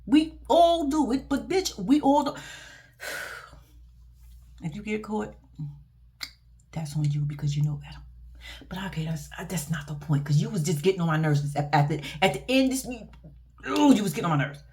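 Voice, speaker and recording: A woman giving a casual, profane and animated reaction vlog about a reality TV show, speaking. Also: medium pitch, normal speed, pauses often. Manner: blunt, profane, animated and laughing. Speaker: reality TV commentator.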